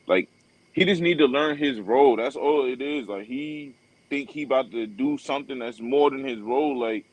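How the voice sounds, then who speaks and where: A man co-hosting a casual sports fan podcast, talking in a relaxed, rambling way with lots of fillers. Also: mid-range voice, moderate pace, dry recording, rough recording. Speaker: podcast co-host.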